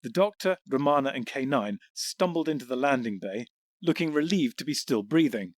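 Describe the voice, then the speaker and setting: Male narrator, measured storytelling; mid pitch, dry close booth. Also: expressive, dry recording. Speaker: audiobook narrator. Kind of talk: scripted narration.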